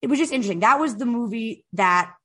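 A woman hosting a podcast in casual chat, telling stories in an animated way, with lots of "like" and swearing. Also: fairly high pitch, quick pace. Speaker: podcast host.

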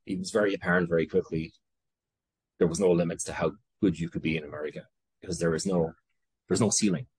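An Irish man speaks as an interview guest, his voice low and a little husky. He wanders and restarts his thoughts, dropping the odd swear word. The sound is close and dry. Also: steady tone, fast, darkish tone, dry recording. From Ireland. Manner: rambling, self-interrupting, candid with casual swearing. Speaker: guest entrepreneur. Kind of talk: conversational interview.

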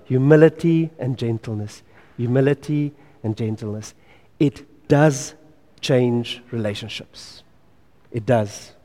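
A man preaching a sermon in an earnest, emphatic way. He repeats key phrases and drops to quiet asides. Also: medium pitch, slow, big-room sound.

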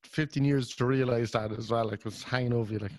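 A man's voice: mid-range voice, steady tone, quick pace, no room sound. A man co-hosting a podcast, trading dry jokes in casual banter. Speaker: podcast co-host.

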